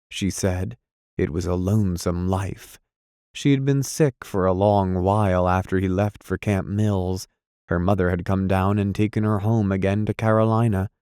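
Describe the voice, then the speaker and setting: A man narrating a classic novel in a measured, deliberate reading. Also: deep voice, dark tone, smooth, no echo, clean studio sound. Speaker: audiobook narrator. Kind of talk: scripted narration.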